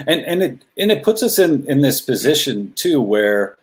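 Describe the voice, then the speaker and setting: A man guesting on a chat show as a comedian, talking casually in a halting way with many restarts. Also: mid-range voice, very animated.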